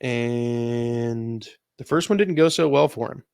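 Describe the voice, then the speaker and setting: A man co-hosting a casual sports podcast, running through football injury news with a relaxed tone and easy laughs. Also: mid-range voice, slow, vocal fry, clear, resonant tone, dry recording, studio quality. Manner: relaxed, laughs often, stats-heavy rundown. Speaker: podcast co-host.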